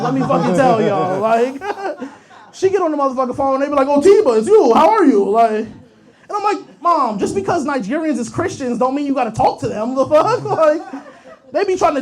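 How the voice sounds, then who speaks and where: A young man performing a profane, rambling stand-up comedy set, telling stories straight to the crowd. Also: very high voice. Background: audience laughter.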